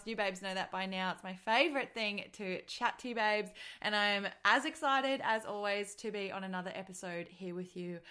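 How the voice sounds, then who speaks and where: A woman's voice: a little high, a bit bright, smooth. A young Australian woman hosting a podcast, chatting in a bubbly, gushing way with frequent giggles. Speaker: podcast host. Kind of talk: casual podcast chat.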